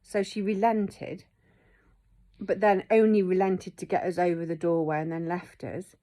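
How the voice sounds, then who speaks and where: A woman's voice: fairly low pitch, level tone, measured pace, dark tone. A middle-aged woman, telling a personal story in a candid, emotional vlog and swearing freely. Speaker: vlogger.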